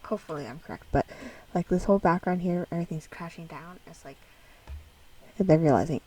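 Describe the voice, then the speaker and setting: A woman's voice: lowish voice, brisk, dark tone, far from the mic, low-quality recording. A young woman casually reacting to a music video, chatty and giggly, rambling with lots of fillers.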